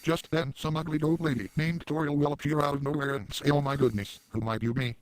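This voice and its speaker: A man voicing a crude, boastful adult cartoon dad in a rambling parody monologue with sudden loud outbursts. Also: fairly high pitch, steady tone, brisk, a loud crowd, close to an everyday voice, rough recording. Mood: brash.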